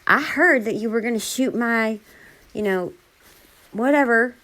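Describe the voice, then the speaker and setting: A woman's voice: on the high side, measured pace, a bit bright, voice pushed up, rough recording. A woman voicing a stern older country woman who issues scolding threats. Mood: threatening. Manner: scolding, finger-wagging threats.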